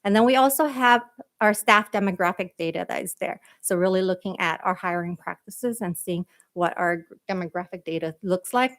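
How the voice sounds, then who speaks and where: A woman's voice: mid-range voice, normal speed, fairly bright tone. A woman walks a school board through her equity report. Her delivery is earnest and emphatic, with frequent fillers between phrases. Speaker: school district equity director. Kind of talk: board meeting presentation.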